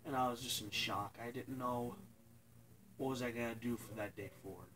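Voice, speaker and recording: A young man telling a painful personal story to his viewers, halting and tearful, pausing and restarting as he cries. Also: medium pitch, fairly even intonation, a bit bright, low-quality recording. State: crying. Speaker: vlogger. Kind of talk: emotional personal story to camera.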